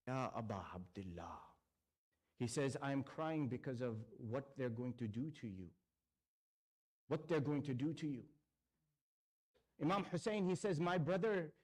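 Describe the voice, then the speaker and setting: A man giving a solemn sermon, telling a story and voicing the people in it, with drawn-out recitation. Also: medium pitch, a little mellow. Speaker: speaker at a religious gathering. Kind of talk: sermon narration.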